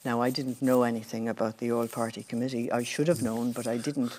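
An older Irish woman, a former television journalist, telling anecdotes in a relaxed interview. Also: a bass voice, a little fast. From Ireland. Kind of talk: casual storytelling.

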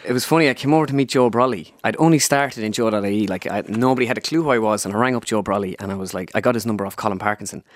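A young Irish man rattles through his stories quickly, full of fillers and asides. His voice is close and dry. He is a comedian guest in a radio interview. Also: lowish voice, no echo. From Ireland. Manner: storytelling, lots of fillers and impressions.

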